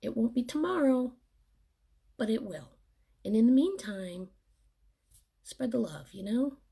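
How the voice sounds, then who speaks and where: A woman's voice: a little high, lively intonation, a little slow, gravelly, dark tone, husky. A woman giving an earnest, teary pep talk to her followers in a casual live video chat. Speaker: vlogger.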